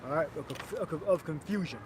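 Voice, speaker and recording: A man's voice: on the high side, fast. Blunt man preaching on a noisy street. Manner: blunt, coarse, calls on others to read. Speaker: street camp leader. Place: outdoors on a city street with traffic.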